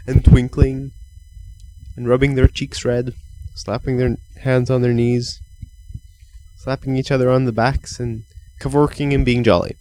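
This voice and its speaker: A man's voice: mid-range voice, moderate pace, mellow, no room sound, poor audio. A man improvising a playful, meandering bedtime story for a child, with chants and sound effects.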